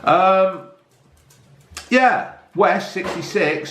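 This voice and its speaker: With a high-side voice, lively intonation and a fairly bright tone, a middle-aged vlogger chats at a moderate pace; there's a little hiss or hum and an echoey room. He reacts bluntly to newspaper stories in a casual, sweary rant.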